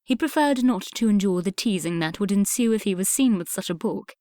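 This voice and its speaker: Woman reading a romance audiobook, calm and steady, dry close mic. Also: medium pitch, brisk, no room sound. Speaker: audiobook narrator. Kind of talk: scripted narration.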